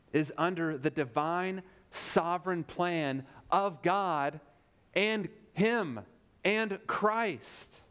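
Young male pastor, sermon delivery, a touch high-pitched, emphatic with deliberate pauses. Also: fairly bright tone, clear, resonant tone. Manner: emphatic, with repeated phrases and dramatic pauses.

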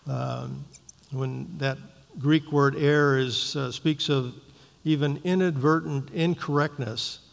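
A man leading a Bible study, reading scripture aloud and then explaining it in a measured way, with frequent ums and uhs. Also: medium pitch, fairly even intonation, creaky. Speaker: Bible teacher. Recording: long reverberant hall.

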